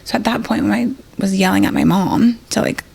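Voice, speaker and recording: A woman's voice: medium pitch, brisk, gravelly, a little mellow, slightly rough. A woman, an emergency nurse, telling a personal story as a podcast guest in a casual, rambling way, acting out what people said. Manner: rambling, full of fillers and acted-out quotes.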